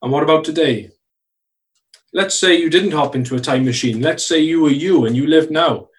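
Man, sermon, earnest, slightly high voice, picked up from a distance in a church. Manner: earnest, slows to stress key phrases. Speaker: preacher.

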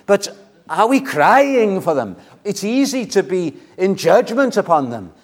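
A man preaching an earnest, pleading sermon in church, swinging between loud and soft. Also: high-pitched, big pitch swings, unhurried. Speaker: pastor.

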